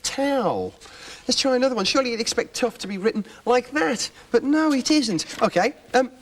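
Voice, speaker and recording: Encouraging Welsh man, lively voice. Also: extremely high pitch, normal speed. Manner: patient, encouraging teacher. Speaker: co-presenter. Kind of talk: children's TV teaching.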